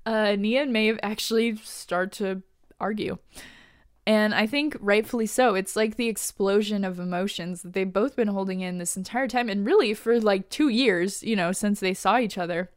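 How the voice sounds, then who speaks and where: A woman hosting a podcast, recapping an episode in a casual, animated way. She laughs often and swears casually. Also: medium pitch, normal speed, no echo, clean studio sound. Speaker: podcast host.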